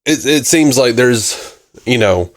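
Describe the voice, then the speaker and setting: A man's voice: mid-range voice, animated, slow pace. Rambling man co-hosting a podcast. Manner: rambling, filler-heavy, self-deprecating joking. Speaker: podcast co-host. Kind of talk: casual chat.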